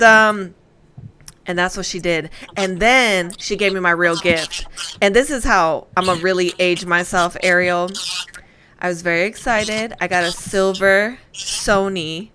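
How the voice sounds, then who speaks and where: An animated storyteller, a woman in her thirties who grew up between the United States and Spain. She speaks at a middling pitch in casual podcast chat, with a faint hiss behind her. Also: slow pace. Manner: animated storyteller, slips into Spanish. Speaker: podcast co-host.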